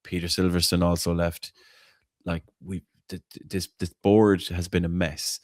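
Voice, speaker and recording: A blunt man hosts a casual football podcast chat in a low, deep register. He is opinionated and swears freely, stumbling and repeating words as he builds his case. The recording is dry and close, with no room sound. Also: level tone, normal speed, dry recording. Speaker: podcast host.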